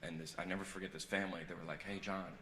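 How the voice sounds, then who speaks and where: A male stand-up comedian on stage, telling personal stories, going from earnest confession to loud joking. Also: sits low, level tone, rapid-fire, a little hiss or hum. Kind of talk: stand-up set. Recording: echoey hall with loud crowd. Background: audience laughter.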